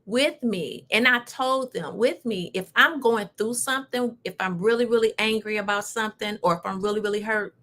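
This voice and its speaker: A woman hosting a casual talk show, telling a personal story in an animated, emphatic way with lively asides. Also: medium pitch, normal speed, few pauses. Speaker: host.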